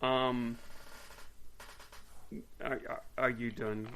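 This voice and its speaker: A man's voice: medium pitch, level tone, extremely slow, fairly bright tone, a little hiss or hum. A man in his forties co-hosting a podcast, chatting casually and rambling with lots of ums and laughter. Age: 40s. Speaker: podcast co-host. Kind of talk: casual chat.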